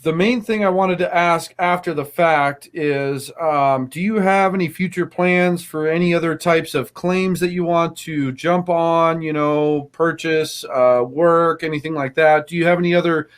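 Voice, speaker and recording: A man's voice: on the high side, fairly even intonation, unhurried, few pauses, clear, resonant tone. A man hosting a casual podcast interview, effusive and full of um and uh fillers. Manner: effusive, many fillers, repeats praise. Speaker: podcast host.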